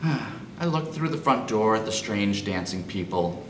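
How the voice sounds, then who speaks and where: A man reading his own comic short fiction aloud at a live event, with dry, deadpan timing. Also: on the low side, a little slow. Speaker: reader. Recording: roomy, distant live-reading mic, audience noise.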